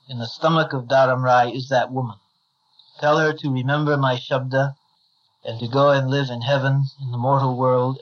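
A man voicing a calm, commanding male supreme creator in a plain, measured reading on a slightly dull recording. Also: mid-range voice, natural voice.

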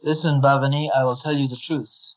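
A man's voice: mid-range voice, fairly even intonation, fairly quick, lightly acted. A man reading as a proud, ruthless god of law. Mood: commanding. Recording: slightly dull lo-fi recording.

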